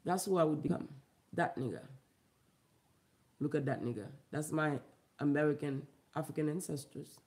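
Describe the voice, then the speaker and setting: A woman from Haiti, a vlogger and comedian, ranting loudly and emphatically with a lot of laughter. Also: normal speed, long pauses. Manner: loud, emphatic, profane, laughing, big pitch swings. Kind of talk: ranting commentary vlog.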